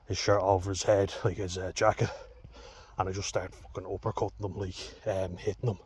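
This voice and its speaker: Male vlogger, lower voice, blunt and sweary, faint background noise. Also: flat delivery, a little fast, darkish tone. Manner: blunt, heavy swearing, raw and frank. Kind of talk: candid storytelling to camera.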